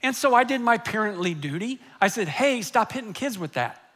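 A middle-aged man, a pastor telling a personal story in a sermon, animated and swinging between loud and hushed. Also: high voice, fairly quick.

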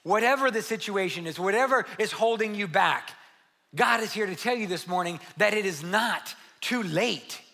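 A man preaching a sermon to a church congregation, lively and conversational, with rhetorical questions and repeated phrases. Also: high-pitched, moderate pace, creaky. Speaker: pastor.

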